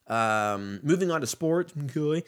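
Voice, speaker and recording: A man's voice: a little high, lively intonation, a little slow, clean tone. A man in his thirties hosting a casual solo podcast, rambling and swearing freely as he riffs. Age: 30s. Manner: rambling, profane, laid-back riffing. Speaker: podcast host.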